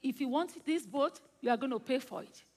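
A woman's voice: high-pitched, a little fast, a little mellow, breathy edge. A woman voicing a matter-of-fact shopkeeper in a story told during a sermon, plain and businesslike. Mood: flat.

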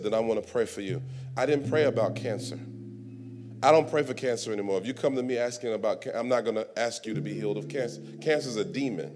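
A man preaching a sermon, moving from quiet talk to shouted, drawn-out declarations. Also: mid-range voice. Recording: live sermon with music playing behind. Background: instrumental music.

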